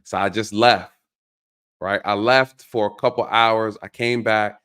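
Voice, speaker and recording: A man doing a sullen, low-voiced guy. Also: fairly even intonation, unhurried, a bit bright, clear, resonant tone. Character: angry, remorseful man telling his side.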